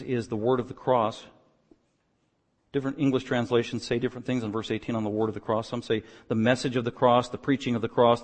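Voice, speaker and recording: A man preaching an expository sermon, moving from quiet, low explaining to loud, emphatic passages. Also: long reverb tail. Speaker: pastor.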